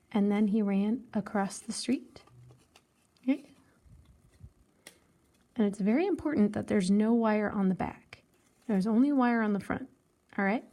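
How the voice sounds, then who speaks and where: A woman's voice: mid-range voice, dark tone. Patient woman teaching a craft lesson. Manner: patient, slow counting aloud, tells a simple story for children. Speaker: art teacher.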